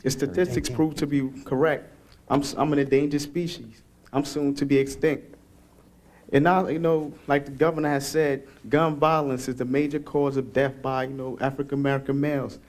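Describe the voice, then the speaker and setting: A man's voice: mid-range voice, little pitch movement, moderate pace, darkish tone. A young man, a college-bound student, giving a sober, declarative statement. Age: young adult.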